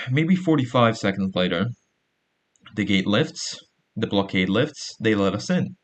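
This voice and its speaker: Sardonic rambling young man, lowish voice. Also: lively intonation, unhurried. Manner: sardonic, digressive, acts out quoted voices. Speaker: podcast host. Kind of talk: rambling storytelling monologue.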